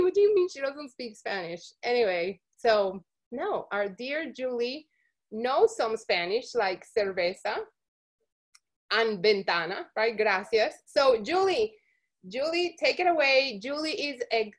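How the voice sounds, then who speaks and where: A woman with a high voice hosts a team call over video. She talks in a bubbly, chatty way, laughing often and wandering into little stories. Her voice comes through a video call connection. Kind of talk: casual video call chat.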